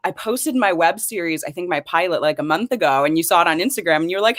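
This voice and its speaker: Animated twenty-something woman from wisconsin, low-ish voice, dry video call sound from her bedroom. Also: no room sound. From Wisconsin, USA. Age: 20s. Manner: animated, storytelling, quick laughs. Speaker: guest, actress and writer. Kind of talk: casual interview chat.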